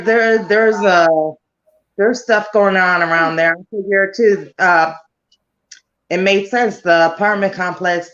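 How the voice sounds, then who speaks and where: A woman's voice: medium pitch, a bit bright, dull audio. A grieving mother speaking in a remote interview, telling her story in a rambling way that keeps circling back to details. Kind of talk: remote interview over a call.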